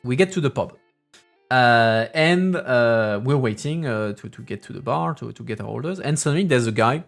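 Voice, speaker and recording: A man's voice: medium pitch, expressive, normal speed, vocal fry, faint music behind. A man in his thirties with a French accent, telling stories on a casual stream in a rambling way with many restarts. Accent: French, with mixed English accents. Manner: rambling, with frequent restarts and filler sounds. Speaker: streamer and parliamentary assistant.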